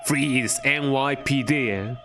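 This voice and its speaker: A man's voice: mid-range voice, takes it slowly, over music, lightly acted. A man voicing a tough young female cop in a put-on New York accent, hammy and tacking "eh?" onto lines.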